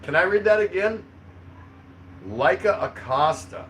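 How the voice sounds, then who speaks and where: Male livestream host, casual and chuckling, middle pitch, light background hiss. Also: normal speed, fairly bright tone, rough recording. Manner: rambling, chuckling, easygoing. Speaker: livestream host reading chat. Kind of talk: casual live chat. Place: home in the Philippines.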